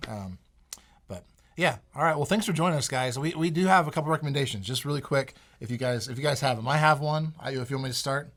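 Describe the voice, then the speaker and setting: A man, a pastor co-hosting a podcast, speaking in a relaxed, hesitant way full of "um" and "I mean". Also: medium pitch, quick pace. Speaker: pastor, co-host. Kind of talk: casual podcast talk.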